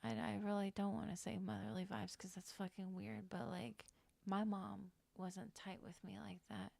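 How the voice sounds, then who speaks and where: A young woman livestreaming, telling a personal story in a loose, rambling way, full of fillers and frank swearing. Her voice is gravelly and stays fairly level in pitch. The sound is dry and close, with little room around it. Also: little pitch movement, moderate pace, mellow, dry recording. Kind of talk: casual storytelling on a live stream.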